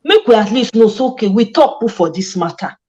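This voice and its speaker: A woman's voice: fairly high pitch, animated, brisk, mellow, dull audio. Nigerian woman host, emphatic and fired up, casual chat mixing Pidgin and English.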